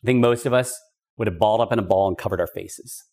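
A man's voice: on the low side, quick pace, darkish tone. A man teaching a podcast Bible study in an emphatic, conversational way, with casual asides. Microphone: podcast microphone.

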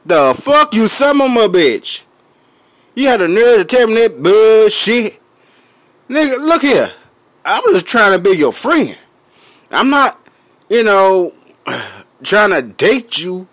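A man with a Memphis accent vents to his viewers in a high, lively voice that swings up and down. He takes his time, laughing and clearing his throat while he smokes. The sound is close and dry. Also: slow, pauses often, dry recording. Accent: Memphis Southern US. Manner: loud, profane, laughing between lines; smoking, clears throat often. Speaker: vlogger. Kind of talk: profane rant to camera.

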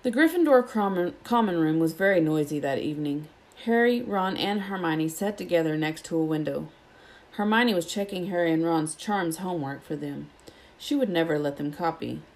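A woman reading a children's novel aloud in a steady, even storytelling manner. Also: lowish voice, moderate pace. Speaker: audiobook reader.

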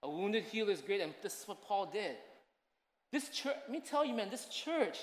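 A man in his thirties preaches with a high, ringing voice. He shifts between loud, urgent appeals and quiet, conversational asides. The sound carries a long reverb from a large hall. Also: very animated, normal speed. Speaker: pastor. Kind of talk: sermon. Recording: echoey hall.

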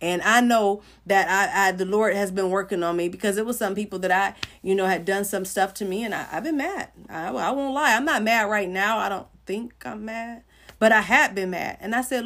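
A woman's voice: medium pitch, brisk, fairly bright tone. A middle-aged woman giving an informal sermon on a livestream, talking earnestly and conversationally to viewers and greeting them by name. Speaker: Christian livestream host.

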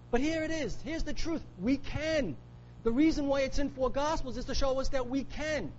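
A man's voice: very high-pitched, moderate pace, a little mellow, highs cut off, a little hiss or hum. A man preaching a sermon, emphatic, repeating key phrases for weight. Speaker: pastor.

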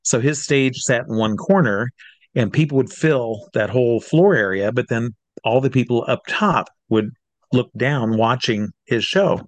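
A middle-aged man from Iowa, an entertainer telling a lively anecdote and acting out the people in it. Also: mid-range voice, a little slow, no room sound. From Iowa, USA. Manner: lively storyteller who acts out the people he quotes. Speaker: entertainer guest. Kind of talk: animated anecdote.

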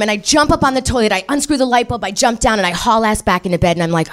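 A woman telling a comic ghost story to an audience, animated and profane, often laughing as she talks. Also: a little high, quick pace, hardly any pauses.

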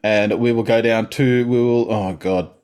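A man's voice: on the low side, fairly even intonation, unhurried, a little mellow. A young man hosting a casual sports podcast, reading out game picks with lots of exclamations and groans. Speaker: podcast host.

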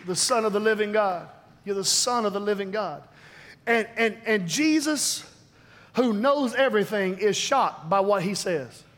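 A man's voice: high voice, a little slow, a bit bright, some chatter behind. A man pastor delivering a sermon, emphatic and full of repeated phrases. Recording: long reverb of a large hall.

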